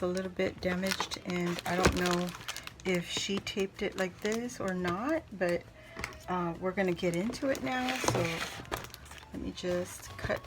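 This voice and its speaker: Gushing, slow-talking woman vlogger. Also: mid-range voice, background noise. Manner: gushing and excitable, many exclamations. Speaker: crafting channel host. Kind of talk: casual unboxing vlog.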